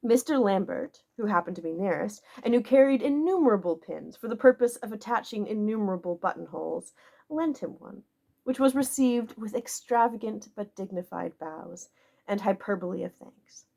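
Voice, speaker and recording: This is a woman reading a classic novel aloud as an audiobook. Her delivery is measured and expressive, and she shapes each sentence with care. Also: medium pitch, gravelly. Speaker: audiobook narrator.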